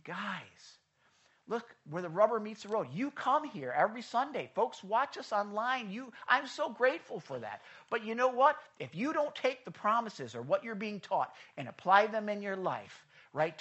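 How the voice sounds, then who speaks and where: A pastor preaches to a church congregation in an animated, chatty style, acting out the people in the stories and repeatedly asking the room questions to check in. The voice is middle-pitched and slightly rough.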